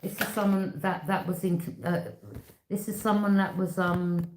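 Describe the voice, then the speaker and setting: A woman's voice: medium pitch, little pitch movement, moderate pace, noisy background. A woman giving a casual tarot reading, talking bluntly and with emphasis, repeating herself and speaking straight to the viewer. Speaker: tarot reader. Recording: echoey room.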